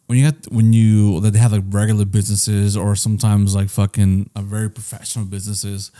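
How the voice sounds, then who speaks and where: A man's voice: fairly low pitch, flat delivery, a little fast, mellow. A man co-hosting a casual podcast, rambling and restarting his sentences and swearing now and then. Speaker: podcast co-host.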